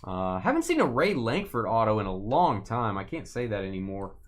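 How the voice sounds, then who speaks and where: A man's voice: lowish voice, big pitch swings, normal speed. A man hosting a live sports card break, joking with viewers by name and stretching out player names as he calls each card. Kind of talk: casual live-stream commentary.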